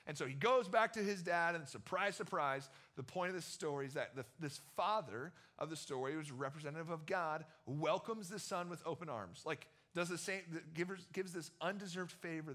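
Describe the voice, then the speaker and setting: A young man preaching to a youth group, his voice bright and forceful and pitched a little high. He talks casually, with plenty of slang, and acts out quotes as he tells Bible stories. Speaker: youth pastor. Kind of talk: sermon.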